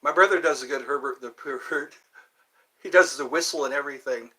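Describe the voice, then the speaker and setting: Male host, loose rambling talker, bright forward tone, wanders off topic often. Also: mid-range voice, a little fast. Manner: rambling, chatty, thinks aloud and digresses. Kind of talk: casual livestream chat.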